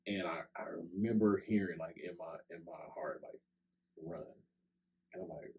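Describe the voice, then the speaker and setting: A very low-voiced young man talks into a podcast mic. His storytelling is loose and chatty, with a "like" or a "right?" every few words. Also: steady tone, fairly quick, phone-quality sound, a little hiss or hum. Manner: loose, conversational, many "like" and "right?" fillers. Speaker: podcast co-host. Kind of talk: casual storytelling chat. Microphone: podcast microphone.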